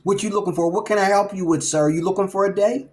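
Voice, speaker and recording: A man mimicking a trans woman street hustler who keeps asking passers-by if they want a date, in his own high voice. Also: fast, close to an everyday voice. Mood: coaxing.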